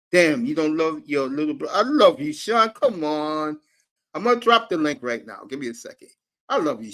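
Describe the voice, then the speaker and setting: Man, sports talk host, brash, swears a lot, fairly high voice. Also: fairly bright tone. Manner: brash and profane, talking to chat viewers by name. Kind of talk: live-stream sports talk.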